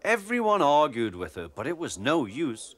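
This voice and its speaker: A man narrating a children's storybook in an expressive, gentle way. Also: a little high, moderate pace. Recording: background music.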